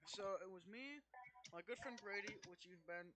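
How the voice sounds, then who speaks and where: A man's voice: high voice, normal speed, crowd noise. A teenage boy hosting a podcast, telling rambling, profane stories and acting out the people in them. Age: teens. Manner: rambling, profane, acts out quoted voices. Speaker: podcast host. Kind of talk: casual storytelling chat.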